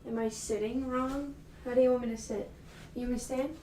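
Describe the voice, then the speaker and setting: High-pitched woman coaxing her cats. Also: steady tone, brisk, warm tone, slight background noise. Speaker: livestream host. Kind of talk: casual chat playing with her cats. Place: indoor room at home. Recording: echoey room, mic far off.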